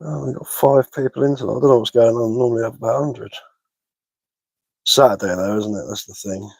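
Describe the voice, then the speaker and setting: An Englishman with a relaxed manner, chatting casually on a live stream while working on a craft project and answering chat messages aloud. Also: mid-range voice, fast, creaky, no echo, poor audio.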